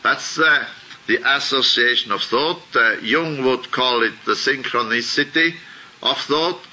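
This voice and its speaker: Slow, halting man giving a spiritual talk. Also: medium pitch, bright, forceful tone, poor audio. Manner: slow, halting, searching for words. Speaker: spiritual teacher. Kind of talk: lecture to a group.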